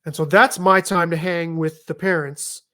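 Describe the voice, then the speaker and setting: Animated, profane male storyteller. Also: fairly high pitch, moderate pace. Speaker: podcast guest. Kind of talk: casual storytelling chat.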